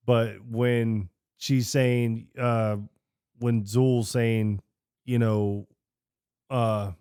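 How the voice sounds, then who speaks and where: A man co-hosting a podcast in casual film chat, retelling scenes and acting out lines with lively jumps in voice. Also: mid-range voice, drawn-out words, clear, resonant tone, dry recording, clean studio sound. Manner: animated, acts out movie lines in raised voices. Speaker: podcast co-host.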